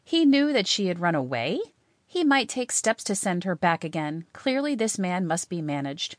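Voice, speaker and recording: A woman narrating a story in a measured, expressive way. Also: fairly low pitch, dry recording, clean studio sound.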